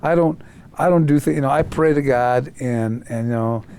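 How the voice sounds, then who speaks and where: A man's voice: mid-range voice, moderate pace, smooth. An older man, a guest in an interview, telling stories animatedly and acting out other people's voices. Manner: animated, acts out quoted voices. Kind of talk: storytelling interview.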